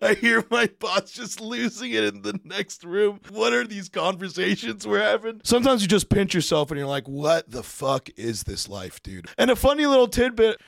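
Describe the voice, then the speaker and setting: A man, a podcast producer, telling a story in a casual monologue, animated, swearing and laughing often. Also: high voice, moderate pace, creaky, hardly any pauses, no echo, studio quality.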